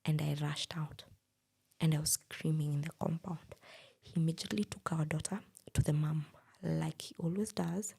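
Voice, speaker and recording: A young Kenyan woman co-hosting a podcast, recounting a personal story in a hushed, breathy way. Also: low-pitched, fairly even intonation, normal speed. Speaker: podcast co-host.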